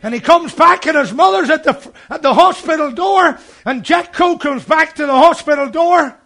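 A man preaching a sermon, telling a story with fervour and breaking into shouts. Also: extremely high pitch, normal speed, creaky. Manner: fervent, rising to shouts.

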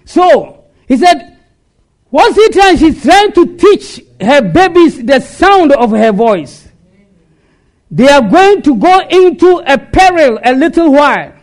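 High-voiced slow-paced male preacher. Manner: call-and-response preaching with rhetorical questions and shouted exhortations. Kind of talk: sermon.

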